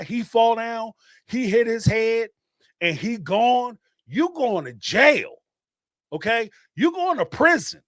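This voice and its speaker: A man's voice: very high voice, fairly bright tone, no room sound, clean studio sound. A middle-aged man hosting a live call-in show, talking emphatically in casual slang and repeating phrases for emphasis. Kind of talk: casual spoken commentary.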